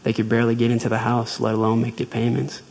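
Male speaker for a devotional talk, husky voice with a gravelly edge, measured and earnest storytelling. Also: medium pitch, monotone, a little mellow, poor audio. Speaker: speaker retelling a faith story.

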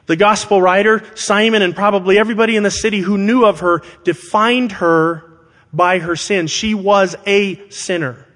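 A man preaching a sermon to his congregation, speaking deliberately and with emphasis and asking rhetorical questions. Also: sits high, steady tone, fairly bright tone. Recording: long hall reverb.

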